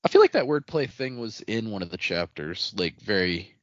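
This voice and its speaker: A man chimes in on a podcast with wry, joking asides, his pitch moving a lot. His voice is a little low. The recording is dry and dull, slightly lo-fi. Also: big pitch swings, moderate pace, dry recording. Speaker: podcast co-host. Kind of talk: casual chat.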